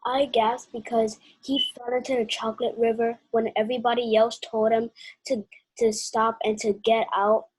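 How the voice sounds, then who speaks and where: A young student on a video call, answering the teacher in a hesitant, halting way with fillers. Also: female voice, a little high, flat delivery, husky, low-quality recording. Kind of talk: answering in class.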